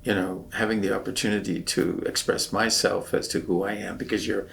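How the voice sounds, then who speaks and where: A man's voice: deep voice, little pitch movement, fairly quick, creaky, a bit bright, slight background noise. An older man, a veteran, speaking earnestly and reflectively in an oral history interview.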